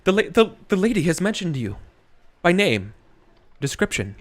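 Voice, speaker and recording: A man's voice: sits high, very animated, moderate pace, voice pushed up. A man voicing a panicky male captive thug who pleads and bargains in a tabletop game. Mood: bargaining. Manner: begging, frantic.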